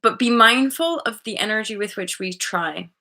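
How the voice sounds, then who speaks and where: A woman's voice: mid-range voice, moderate pace, sharp tone. A woman hosting her own channel as a spiritual coach, talking in a loose, rambling way, full of "like" and casual swearing.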